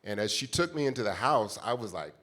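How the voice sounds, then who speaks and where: A man's voice: fairly low pitch, lively intonation, quick pace, fairly bright tone. A man in his fifties from the United States, telling a heartfelt personal story as a conference panelist and speaking directly to the audience.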